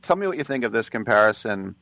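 A man's voice: fairly low pitch, very animated, fast, gravelly, a bit bright, no room sound, lo-fi sound. A man hosting an interview, asking chatty, teasing questions. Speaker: interviewer, host.

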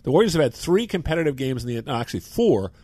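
Lively-voiced talkative man in his sixties. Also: a little high, fast talker, husky, no room sound. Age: 60s. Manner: chatty storyteller, mimics people in quotes. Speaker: guest. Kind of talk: casual radio talk.

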